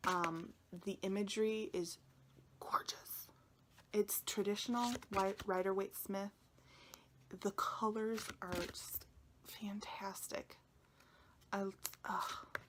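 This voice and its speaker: A woman's voice: medium pitch, steady tone, slow pace, pauses often, background noise. A woman chatting casually to viewers in a vlog, emotional and close to tears, rambling and often dropping into a whisper. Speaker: tarot video creator.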